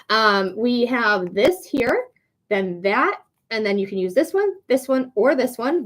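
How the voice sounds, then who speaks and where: A woman giving live tarot readings on a stream, chatty and encouraging, talking straight to her viewers. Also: a little high. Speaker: psychic reader.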